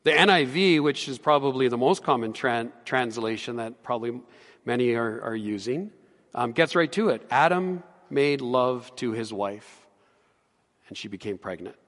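A pastor preaching a sermon in an earnest way, building to emphatic peaks. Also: male voice, mid-range voice, expressive, normal speed, fairly bright tone. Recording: long hall reverb.

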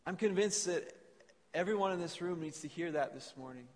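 A man's voice: on the high side, fairly quick. A man preaching an earnest sermon to a congregation and reading scripture aloud in a church. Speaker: pastor. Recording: long reverb of a church hall.

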